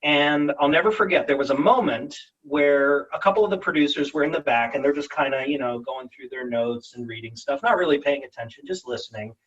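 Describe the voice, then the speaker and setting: A man's voice: a little high, lively intonation, fairly quick, hardly any pauses, fairly bright tone, husky, distant mic, muffled recording. A man, a voice actor guest, telling stories animatedly in a casual interview over a video call and slipping into character voices.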